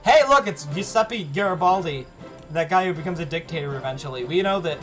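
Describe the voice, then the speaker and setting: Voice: medium pitch, animated, a little fast, fairly bright tone, faint music behind. A streamer chatting casually while playing a strategy game, often reading on-screen text aloud. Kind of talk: casual live game commentary.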